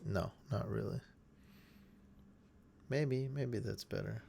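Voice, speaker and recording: A man hosting a fantasy football livestream, hoarse from losing his voice, chatting and rambling to his viewers in a casual way. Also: lowish voice, slow pace, warm tone, a little hiss or hum. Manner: rambling, self-deprecating, talks to viewers. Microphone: desk mic, at times held close.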